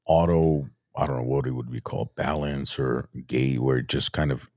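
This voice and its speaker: A man with an extremely deep voice hosts a podcast in casual chat. He searches for words and restarts his sentences as he thinks aloud. The sound is dry and close, with no room around it. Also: steady tone, moderate pace, a little mellow, no room sound. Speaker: podcast host.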